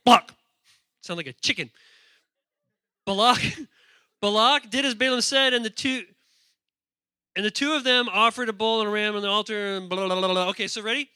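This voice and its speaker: A man preaching a sermon, an animated, joking storyteller. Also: sits high, a little fast, smooth, no room sound, studio quality. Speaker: pastor.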